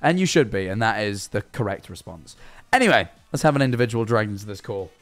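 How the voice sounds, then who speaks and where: A man's voice: on the low side, expressive, quick pace, soft background music. A young man from England hosting a casual live stream, answering viewer calls with rambling, stammering chat and casual swearing.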